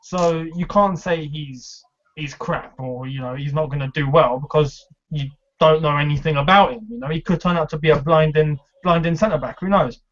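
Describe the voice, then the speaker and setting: A man hosting a casual football fan chat, chatty and quick to laugh, with many fillers. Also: a little high, steady tone. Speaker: fan channel host. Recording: dull lo-fi sound.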